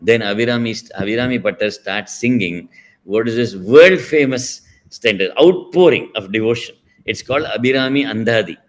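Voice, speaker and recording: A man's voice: medium pitch, moderate pace. A middle-aged man with an Indian accent telling and explaining a devotional story, digressing often with fillers and restarts. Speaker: spiritual speaker.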